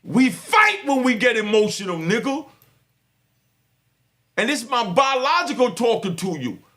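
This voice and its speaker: A middle-aged man talking to his viewers with fervent, preaching passion and bursts of shouting. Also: extremely high pitch, big pitch swings, a little slow. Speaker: host. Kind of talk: impassioned talk to viewers.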